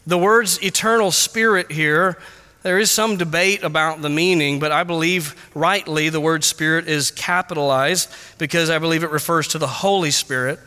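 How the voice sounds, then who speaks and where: High, bright-voiced man preaching in a hall. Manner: earnest, rises to emphatic passion on key points, with restarts. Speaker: pastor. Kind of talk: expository sermon.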